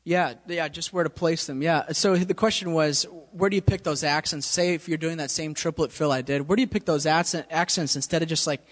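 A man's voice: on the high side, steady tone, fairly quick, hardly any pauses. Casual man teaching a drum lesson. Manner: casual, checks understanding with frequent "okay?". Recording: reverberant room with drums playing.

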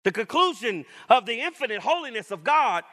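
Male pastor, high bright voice, measured sermon delivery with emphatic repetition. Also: sing-song. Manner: emphatic preaching with repetition and rising declarations.

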